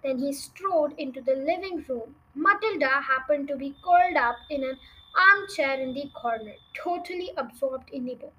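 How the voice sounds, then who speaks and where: A woman's voice: sits high, normal speed, pushed and bright, lo-fi sound. A young woman reading a children's novel aloud as a storyteller, with chatty asides to her listeners.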